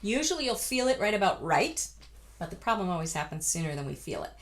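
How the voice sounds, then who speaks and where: A woman's voice: lowish voice, animated, fast. A woman vocal coach from the United States giving a chatty, encouraging singing lesson, breaking into full-voiced sung examples.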